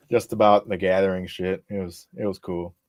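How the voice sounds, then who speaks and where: Laid-back low-voiced man, dry sound. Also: no echo. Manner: relaxed, laid-back, swears casually. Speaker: rapper guest. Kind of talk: casual podcast interview.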